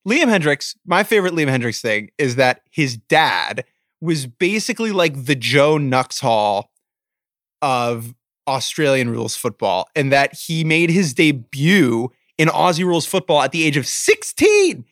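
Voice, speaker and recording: A man's voice: on the high side, very animated, a little slow, fairly bright tone, no echo, studio quality. A man co-hosting a casual sports podcast, playful and chatty as he tells player stories. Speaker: podcast co-host.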